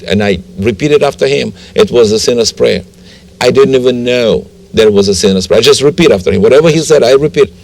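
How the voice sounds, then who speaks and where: A man telling his personal conversion story in a TV interview, halting and emotional, with many restarts. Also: lowish voice, creaky, a little hiss or hum. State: tearful. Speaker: guest telling his testimony.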